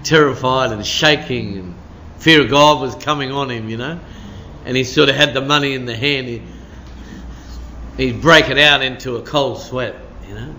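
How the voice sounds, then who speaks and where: A man's voice: medium pitch, moderate pace, bright, forceful tone, a little hiss or hum. A man, preaching a midweek sermon as a pastor in a chatty storytelling way, full of "you know" and "sort of".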